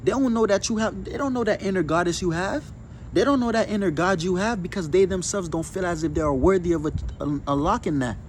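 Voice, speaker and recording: Man, high voice, emphatic preachy spiritual talk, faint outdoor hiss. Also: fast. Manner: chanting affirmations. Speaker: spiritual speaker. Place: outdoors on grass.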